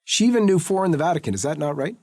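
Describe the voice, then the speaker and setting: A man's voice: on the high side, lively intonation, very fast, darkish tone. A man hosting an interview, reading a channel plug and asking leading questions. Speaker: interview host.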